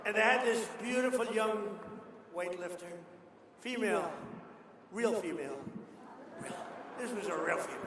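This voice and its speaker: An older politician giving a rambling, boastful rally speech in a large hall. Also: male voice, high-pitched, gravelly. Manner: rambling, boastful storytelling with asides. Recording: echoey hall, distant PA mic, noise.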